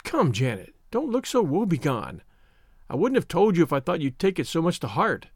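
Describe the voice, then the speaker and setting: A man's voice: a little high, big pitch swings, moderate pace, no room sound, clean studio sound. A man voicing a proud, frank young woman of twenty-two who teases her younger cousin, read as an audiobook figure. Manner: frank, teasing, worldly. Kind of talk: audiobook reading.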